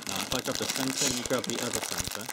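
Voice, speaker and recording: A man's voice: medium pitch, fast talker, very noisy. A man as guest on a casual food tasting, making dry, sarcastic quips. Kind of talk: casual chat.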